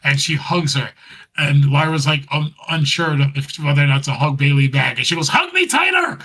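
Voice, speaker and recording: A man's voice: fairly high pitch, flat delivery, a little fast, a bit bright, low-quality recording. A man co-hosting a podcast, casually recapping wrestling, rambling and laughing as he acts out what was said. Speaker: podcast co-host.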